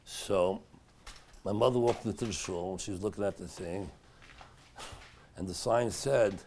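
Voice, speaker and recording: A middle-aged man, a rabbi, teaching a Torah class in a synagogue study hall in a chatty, anecdotal way, dropping to a hush at dramatic moments of his stories. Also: deep voice, unhurried, a little hiss or hum. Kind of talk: storytelling Torah lecture.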